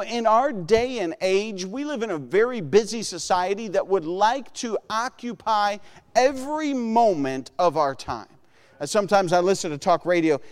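A man's voice: sits high, clean tone. A man preaching a sermon in an earnest way, often acting out the voices he quotes. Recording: long hall reverb.

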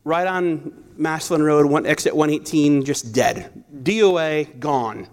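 A man's voice: on the high side, unhurried. A man preaching a sermon in a conversational storytelling way, often restarting his sentences. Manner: conversational, storytelling, self-correcting. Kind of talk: sermon with personal stories.

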